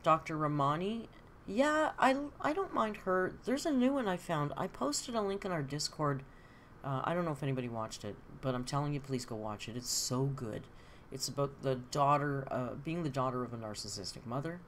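A woman's voice: low-pitched, expressive, normal speed, slight background noise. Candid middle-aged woman chatting on a stream. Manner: candid and chatty, reading out chat comments. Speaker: live stream host. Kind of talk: casual live-stream chat.

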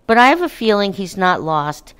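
A woman voicing an eager, kind young girl in a storybook reading, hopeful and quick to reassure. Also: medium pitch, very animated, fairly bright tone, clear, resonant tone. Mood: reassuring.

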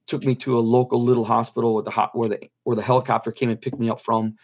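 A man's voice: mid-range voice, little pitch movement, quick pace, a little mellow, muffled recording. A middle-aged man earnestly telling a personal story as an interview guest, repeating phrases for emphasis. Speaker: guest telling his near-death story.

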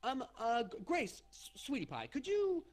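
A man speaks hesitantly and stammers, laughing now and then. His voice is high and very lively, swinging widely up and down. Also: moderate pace, soft background music.

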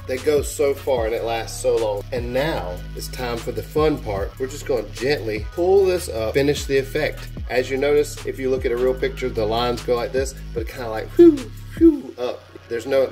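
A man hosting a hands-on craft tutorial, chatting casually and gushing with excitement as he works. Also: mid-range voice. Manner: enthusiastic, gushing, exclaims while working. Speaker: airbrush artist and channel host.

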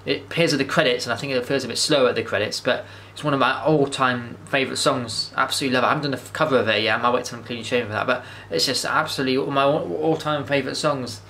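A man's voice: medium pitch, rapid-fire, few pauses, pushed and bright, a little hiss or hum. A man, rambling enthusiastically through a casual movie review monologue, with frequent restarts and swearing. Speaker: vlogger.

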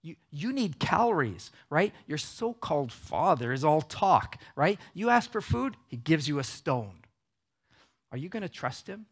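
A preacher putting on a coaxing, friendly-sounding devil. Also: male voice, a little high, very animated, unhurried, heavily acted. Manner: wheedling, persuasive, falsely caring. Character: smooth coaxing devil posing as a friend, male.

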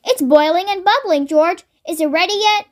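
A child reading as an excitable farmer dad. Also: very high voice, normal speed. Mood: excited. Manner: shouting, eager and impatient. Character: excitable, jumpy father on a farm. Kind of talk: read-aloud storybook.

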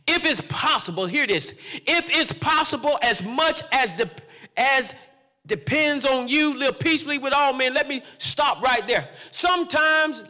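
A man's voice: extremely high pitch, bright, forceful tone, long reverb tail. A man preaching a sermon as pastor, calling out to the congregation with "hello, somebody" and "amen". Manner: preaching with call-outs to the congregation.

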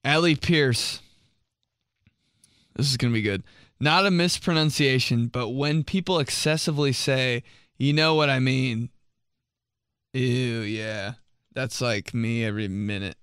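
A man's voice: medium pitch, measured pace, a bit bright, smooth, no echo, studio quality. A young man reading out viewer messages for a comedy vlog, mock-outraged and swearing, laughing often. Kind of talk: casual comedic commentary.

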